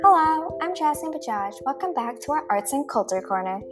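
A woman hosting an arts segment, reading a children's storybook aloud in a gentle, clear way. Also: high-pitched, very animated, fairly quick, over loud music. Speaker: host.

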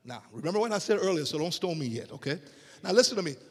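A man preaching a sermon to a congregation, with emphatic, drawn-out phrases and rhetorical questions. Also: on the high side, very animated, slightly rough, big-room sound. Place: church sanctuary.

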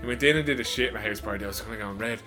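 A man's voice: lowish voice, very fast, over loud music. A man bantering on a podcast, cracking jokes and laughing through his own stories. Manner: laughing, joking interjections. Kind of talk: casual banter.

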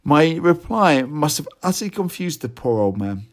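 A man reading his own reflective first-person story in a gentle, self-deprecating way, now and then correcting his own slips. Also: on the high side, big pitch swings, normal speed.

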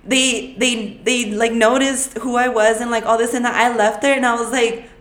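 Woman, podcast co-host, casual chat, blunt, profane, higher voice, echoey room. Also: normal speed. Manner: blunt, swears freely, animated storytelling.

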